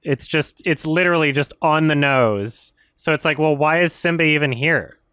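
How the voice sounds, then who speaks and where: Bright, exasperated male film critic. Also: on the high side, moderate pace, clear, resonant tone, dry recording, clean studio sound. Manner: profane, sarcastic, exasperated. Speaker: video commentator.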